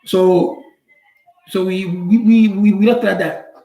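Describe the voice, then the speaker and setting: A man tells a story from his own life, casual and blunt, with street slang. His voice sits high for a man and leaps further up when he acts out someone else's lines. The room around him is roomy and echoey. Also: unhurried. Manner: animated, acts out quoted dialogue with big pitch jumps. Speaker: channel host.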